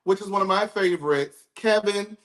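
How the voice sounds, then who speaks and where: Hosting a live reality TV review podcast, a man speaks at a normal speed in a high-pitched, slightly bright voice. He chats about the shows in a campy, sassy way, addressing people as "girl" and "baby."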